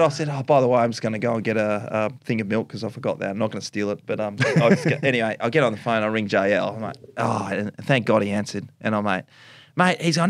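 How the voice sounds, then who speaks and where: An Australian man in his forties, a former footballer and podcast guest, telling stories in an animated way and acting out the voices. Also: on the low side, fast talker, no echo, clean studio sound. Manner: animated storyteller, acts out voices, laughs often. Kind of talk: casual chat, anecdote telling.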